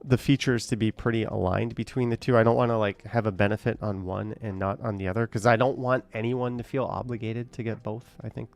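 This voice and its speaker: A man with a gravelly, creaky voice talks loosely through a live stream, answering viewer chat. He rambles and hesitates, trailing off into shrugging asides. Faint music plays quietly underneath. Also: fairly low pitch, little pitch movement, a little fast, hardly any pauses.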